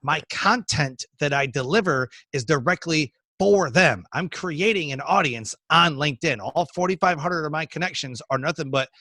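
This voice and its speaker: An energetic man talks in a casual interview, telling stories and acting out what people said. His voice is bright and forceful, a little higher than most men's. The sound is close and dry. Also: moderate pace, few pauses, dry recording. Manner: energetic, storytelling, acts out quoted dialogue. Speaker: professional speaker and speaking coach.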